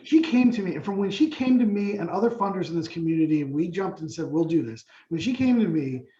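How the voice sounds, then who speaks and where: A man in his thirties, a nonprofit president and CEO, telling animated stories with lots of fillers on a webinar panel. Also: sits high, fast. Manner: animated storytelling with many fillers. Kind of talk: casual webinar panel talk. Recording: echoey muffled call audio.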